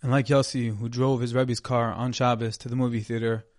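A man's voice: mid-range voice, little pitch movement, brisk, darkish tone, no echo, studio quality. A man telling a story in an earnest, dramatic sermon style. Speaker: speaker giving a Torah talk.

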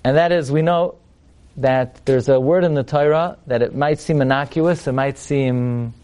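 A man's voice: mid-range voice, normal speed, darkish tone. A man teaching a Torah class to a live audience, chanting Hebrew verses, then translating them, with wry rhetorical questions and humorous asides.

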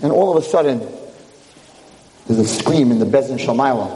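A male rabbi tells a dramatic story in a sermon, his voice high and swinging widely in pitch. The recording carries the long echo of a large hall. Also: animated, fast, dark tone. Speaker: rabbi lecturer.

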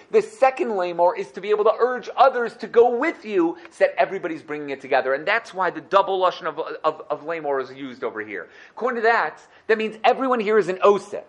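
A man teaching a Torah class, telling a story in a lively way and repeating phrases for emphasis. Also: high-pitched, brisk.

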